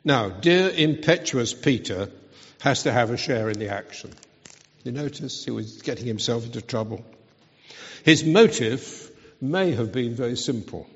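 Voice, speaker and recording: Slow, earnest preacher in a reverberant hall. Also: male voice, medium pitch, animated. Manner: slow, earnest, emphatic delivery. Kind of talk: sermon. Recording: dull, reverberant hall sound.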